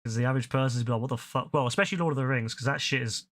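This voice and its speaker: Here a young man from England, British accent and all, talks at a racing pace in a medium-pitched voice. He's ranting and cursing freely during casual chat on a game stream, with big bursts of laughter, and the sound has no echo.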